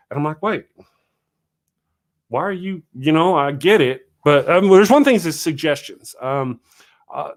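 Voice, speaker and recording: A man hosting a solo livestream morning show, talking casually and ranting in a rambling, self-deprecating way. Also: a little high.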